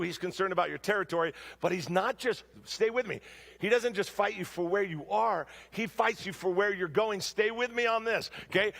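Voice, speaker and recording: A man preaching a storytelling sermon in a church, shouting during his stories and dropping low for his main points. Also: creaky, big-room sound. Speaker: guest preacher. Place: church sanctuary.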